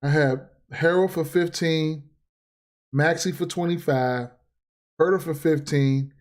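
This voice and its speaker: A man's voice: on the high side, slow pace. A man ranting casually and profanely on a livestream about sports bets, repeating himself and getting heated. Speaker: sports betting streamer.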